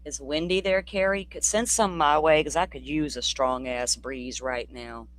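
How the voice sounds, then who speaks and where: A true crime host from the Deep South, talking in a loose, rambling livestream chat that is blunt, profane and sardonic. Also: moderate pace, a bit bright. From Florida, near the Alabama state line. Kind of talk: casual livestream commentary.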